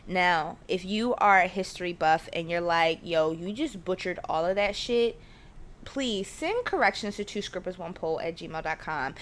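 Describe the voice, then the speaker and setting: A woman hosting her own podcast from her living room, chatting casually in a rambling, excitable way and often dropping to a whisper. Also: lowish voice, normal speed, slight background noise. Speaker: podcast host. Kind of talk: casual solo chat. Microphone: studio mic at home.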